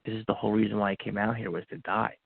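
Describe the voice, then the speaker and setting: A lowish, gravelly male voice comes through a thin, phone-like line with no room sound at all. He tells a personal story in earnest, breaking into the words he said to himself as if reliving them. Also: flat delivery, very fast, no echo. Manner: earnest, acts out his own inner dialogue. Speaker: podcast guest. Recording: tinny phone-like line, dry.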